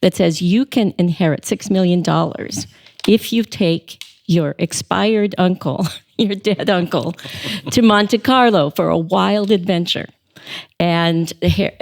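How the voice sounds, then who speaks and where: A woman's voice: lowish voice, measured pace, creaky. A woman, a theatre director, explaining a show enthusiastically in a casual interview.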